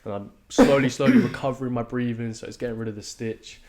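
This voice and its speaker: A young man, telling a race story in casual podcast chat, swearing freely and acting out his own shouts. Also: mid-range voice, steady tone, fast talker, heavy background noise. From England. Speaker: podcast co-host. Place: podcast studio.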